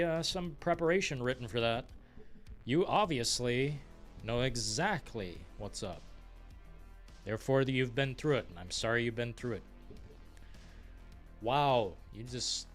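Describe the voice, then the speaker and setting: A young man hosting a gaming live stream, chatting casually and reading viewer comments in an excitable, profane, rambling way. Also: medium pitch.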